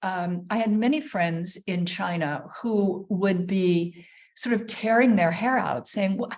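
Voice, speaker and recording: A woman's voice: mid-range voice, takes it slowly, a little mellow. A woman guest on a wine podcast, talking thoughtfully with many fillers and restarts. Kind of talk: casual podcast interview.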